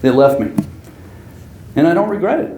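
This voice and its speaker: A man's voice: a little high, very animated, moderate pace. A man giving an earnest, story-filled acceptance speech at an awards ceremony, laughing now and then. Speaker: hall of fame inductee. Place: banquet hall. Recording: echoey hall, faint room noise.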